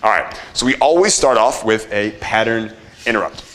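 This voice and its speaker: A man's voice: on the low side, lively intonation, normal speed, a bit bright. A man teaching a live seminar audience, casual and profane, quizzing the crowd and having them repeat after him. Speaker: marketing seminar presenter.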